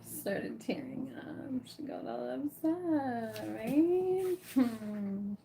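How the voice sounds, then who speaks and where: A woman's voice: a little high, very animated, extremely slow, creaky, mellow, slight background noise. A woman chatting casually on a live stream from home, rambling with lots of fillers and frequent laughs. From Canada.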